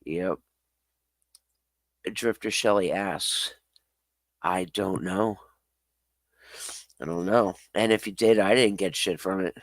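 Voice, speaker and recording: Blunt, low-voiced male live streamer. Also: slow pace, long pauses, dry recording. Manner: blunt, swears freely, laughs often, talks back to chat. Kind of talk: casual livestream, reading chat comments.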